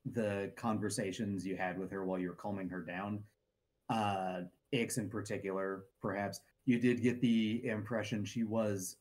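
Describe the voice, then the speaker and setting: Lowish male game master, measured and careful. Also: a little mellow. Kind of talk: narrating a tabletop game.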